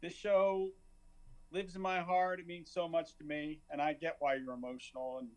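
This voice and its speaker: A man's voice: fairly high pitch, little pitch movement, normal speed. A man who is the show's producer, speaking earnestly and gushing with over-the-top praise in comedic banter. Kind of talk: comedic variety show banter. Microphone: studio microphone.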